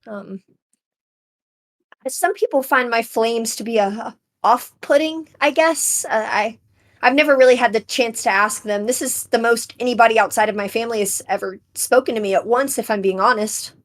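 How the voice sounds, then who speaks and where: A woman's voice: on the high side, moderate pace. Stammering, hesitant woman player. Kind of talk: in-character tabletop role-play.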